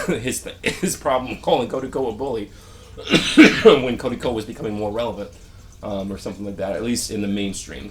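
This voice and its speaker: A man's voice: on the low side, slight background noise. A man vlogging a rambling complaint, sarcastic and dismissive, stopping and restarting his sentences often. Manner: halting, rambling rant with frequent restarts.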